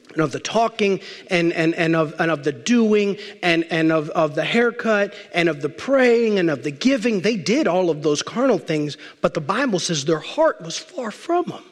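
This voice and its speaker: A male pastor with a high, lively voice preaches a sermon in a large hall with long reverb. He speaks emphatically, repeating lists and slowing words down for stress.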